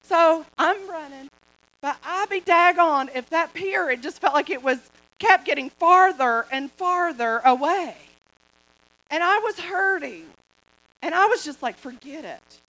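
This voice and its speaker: A woman preacher telling a personal story to a congregation with animated, repetitive storytelling. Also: extremely high pitch, unhurried, rough recording. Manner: animated storytelling, repeats phrases. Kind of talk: sermon testimony.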